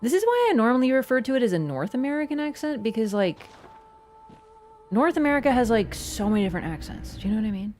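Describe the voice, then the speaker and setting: A woman's voice: a little high, big pitch swings, fast talker, darkish tone, faint music behind. A young Canadian woman chatting casually while livestreaming a game, rambling with lots of "like". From Ontario, Canada. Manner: chatty, rambling, full of "like" fillers. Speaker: streamer.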